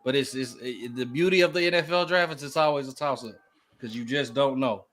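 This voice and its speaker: A man's voice: mid-range voice, brisk, fairly bright tone. A man co-hosting a casual sports chat, easygoing and upbeat. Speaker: co-host.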